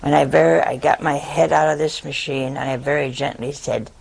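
A woman's voice: deep voice, fairly even intonation, fairly quick, vocal fry, darkish tone, a little hiss or hum. An older woman, a nun, telling a humorous story to listeners in a chatty, self-mocking way. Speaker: nun giving a talk.

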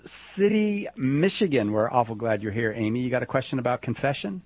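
A man's voice: medium pitch, lively intonation, fast talker, slightly rough, dry recording. A man hosting a radio talk show, enthusiastic and exclamatory, introducing callers and plugging trips. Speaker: radio host.

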